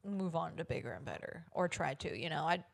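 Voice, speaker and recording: A woman's voice: sits low, expressive, fairly quick, creaky. A woman co-hosting a podcast in casual chat, hesitant and chatty, with many fillers and self-corrections. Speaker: podcast co-host.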